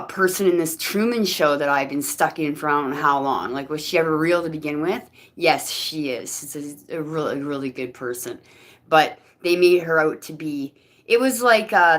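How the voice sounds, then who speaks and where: A woman's voice: low voice, fairly bright tone. A woman telling a rambling personal story to camera, with many restarts and quoted voices. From Canada. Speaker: vlogger giving personal testimony. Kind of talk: rambling personal testimony monologue.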